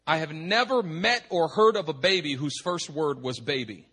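A middle-aged male pastor preaching a sermon with impassioned emphasis, swinging from hushed tones to shouting and repeating words for effect. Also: fairly high pitch, moderate pace, slightly rough. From United States.

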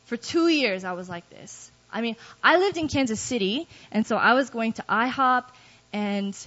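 Brief: woman, slightly high voice, candid self-deprecating church testimony, muffled lo-fi recording. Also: expressive, moderate pace, a bit bright. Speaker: guest speaker giving testimony. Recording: dull lo-fi recording.

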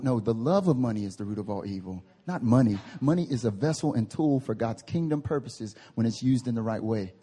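A man preaching a sermon as pastor, lively, with playful voiced asides and big swings from loud to hushed. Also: medium pitch, a little fast, hardly any pauses, husky. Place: church service.

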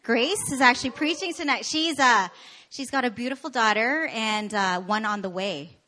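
Woman preacher from Canada, high pitch, animated and laughing at herself in the pulpit. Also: normal speed. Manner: animated, laughing, self-deprecating. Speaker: pastor. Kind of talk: sermon with personal stories.

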